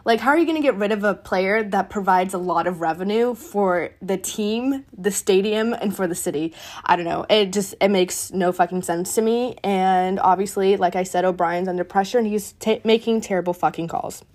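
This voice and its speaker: A young adult woman hosting a podcast, ranting in casual sports commentary with heated, profane, animated talk. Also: mid-range voice, moderate pace. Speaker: podcast host.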